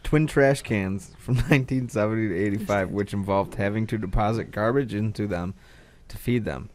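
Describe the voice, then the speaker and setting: A man's voice: on the low side, moderate pace, slight background noise. A man co-hosting a podcast, reading bits of trivia in a matter-of-fact way. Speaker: podcast co-host. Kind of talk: casual live podcast banter.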